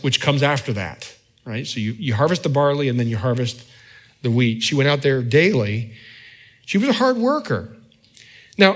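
Man preaching a conversational sermon. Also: on the high side. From United States. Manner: conversational preaching, frequent "right?" asides. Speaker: pastor.

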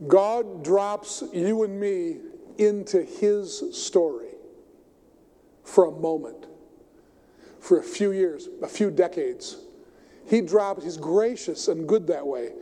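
An older man preaching a sermon, telling stories emphatically and swinging his voice between loud and soft. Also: slow, pauses often. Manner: storytelling, emphatic, varies pitch and volume widely. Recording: long hall reverb.

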